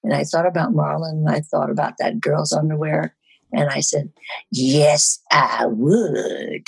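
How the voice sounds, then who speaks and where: Dry, lively woman in her eighties. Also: low-pitched, fairly quick, gravelly, slightly rough, no room sound, rough recording. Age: 80s. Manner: lively anecdotal storyteller with wry asides. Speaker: guest. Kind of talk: casual storytelling chat.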